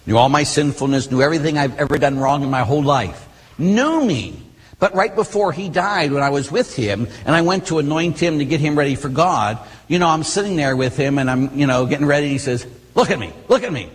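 Middle-aged male priest, husky voice, animated storyteller, long church reverb. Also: fairly high pitch, brisk. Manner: animated storytelling with conversational asides. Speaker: Catholic priest. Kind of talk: sermon.

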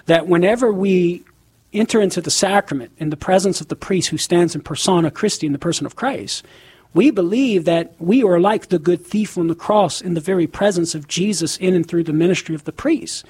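A man appearing as a guest and explaining religious doctrine in a measured, articulate way. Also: high voice, darkish tone, husky. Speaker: guest apologist.

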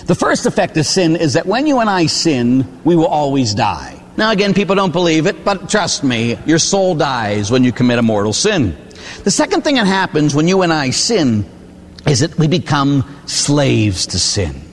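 Priest guy preaching, voice jumps all over, kinda high, big echoey church sound. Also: normal speed. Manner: animated storytelling, acts out characters. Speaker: Catholic priest. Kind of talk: sermon.

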